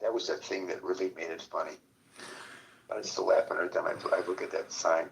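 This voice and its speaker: A man with a very deep, gravelly voice chats casually, halting and meandering as he retells things. He sits well back from the mic, and faint background noise runs under his voice. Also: fairly even intonation, recorded from a distance, low-quality recording. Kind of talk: casual chat.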